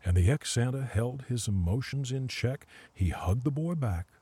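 A man's voice: mid-range voice, moderate pace, husky. Man narrating in rhyming verse. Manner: sing-song, expressive.

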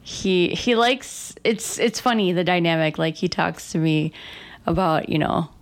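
Middle-aged woman radio host, red lake ojibwe accent, rambly and self-deprecating, bit of vocal fry. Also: fairly low pitch, measured pace. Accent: Red Lake Ojibwe English. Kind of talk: casual on-air chat.

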